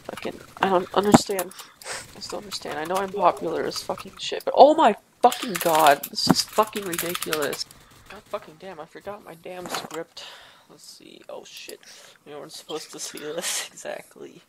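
A woman's voice: on the low side, normal speed, gravelly, noisy background. A woman giving a parody live commentary over gameplay, rambling, boastful and swearing constantly. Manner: profane, rambling, mock-boastful. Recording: loud keyboard typing behind voice.

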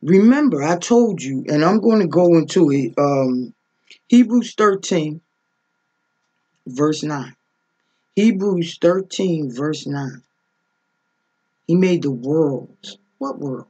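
A woman's voice: low voice, expressive, slow pace, pauses often, warm tone, slightly rough, highs cut off. A woman giving a spiritual teaching sermon as a preacher, emphatic and full of rhetorical questions, often checking in with "okay?".

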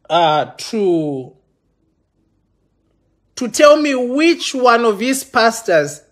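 A man's voice: sits high, fairly bright tone. A man live-streaming an impassioned, accusatory rant to his viewers, stumbling and restarting often. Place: London.

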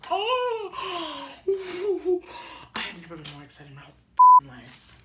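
A woman's voice: sits low, steady tone, fast talker, very noisy. A young woman chatting through a craft project, dramatic and self-mocking, gasping and dropping into whispers. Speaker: crafting vlogger.

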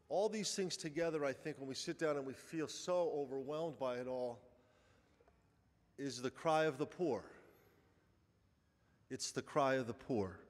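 A man who runs a charity, giving an earnest, conversational appeal to a congregation during Mass. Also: mid-range voice. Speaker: charity director speaking at Mass. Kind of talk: heartfelt appeal from the pulpit. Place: large church. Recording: echoey church hall.

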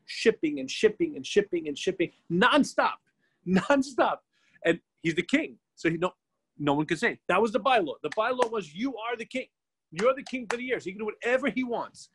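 Middle-aged rabbi telling a story in class, bit high husky voice, dry close sound, acts out the people in it. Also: male voice, no room sound. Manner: lively storyteller, acts out the people in his tale.

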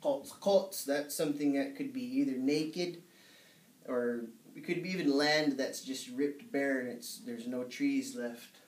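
A man's voice: medium pitch, a little slow. Male teacher, casual explanatory delivery, recorded at a distance with room echo. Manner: relaxed, explanatory, with hesitations. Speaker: language teacher. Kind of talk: casual spoken lesson. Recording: echoey room, mic at a distance.

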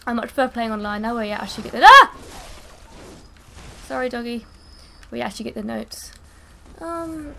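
A woman's voice: on the high side, gravelly, fairly bright tone, slight background noise. A young woman giving gameplay commentary as she plays, swearing and bursting out in frustration. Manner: swearing, frustrated outbursts and screams. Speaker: gaming video creator.

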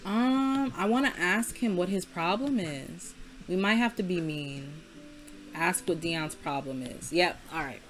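A young woman giving casual, profane commentary over her life-sim game, chatty and frank, and loud and heated when she rants. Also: lowish voice, animated, measured pace, faint music behind. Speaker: Sims let's play creator. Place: home room.

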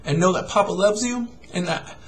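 A man, a father, gently reading a picture book aloud to his young daughter and then speaking to her in a soft, hesitant way at home. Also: sits high, slight background noise. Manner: gentle, soft and hesitant, with many pauses and fillers. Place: at home, indoors.

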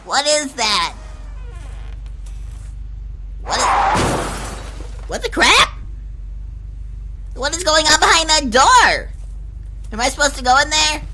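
A young woman hosts a let's play on her gaming channel, commenting as she explores, easily startled and shrieking when scared. Her voice sits high with big pitch swings, slow with frequent pauses, bright and forceful. The recording is low quality, with faint game music behind her.

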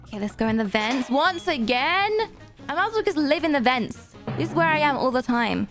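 A woman narrating her own gameplay in an animated way, gasping and squealing at surprises. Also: high-pitched, fairly quick. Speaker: gaming video creator. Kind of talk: playing an obby game and narrating. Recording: faint background game music.

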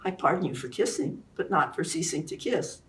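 A woman reading aloud and voicing a brave young queen who pleads softly. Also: low-pitched, animated, brisk, distant mic. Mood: tender. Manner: pleading, soft.

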